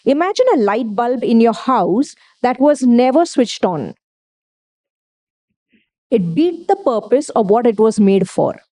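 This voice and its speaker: A woman preaching a sermon in a slightly high, mellow voice. She speaks emphatically, often asking her listeners questions and answering them herself. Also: lively intonation, unhurried.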